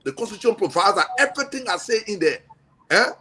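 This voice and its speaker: Brief: insistent male lawmaker, very high voice. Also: animated, quick pace, crowd noise. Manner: forceful, insistent. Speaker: lawmaker panelist. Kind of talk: panel debate.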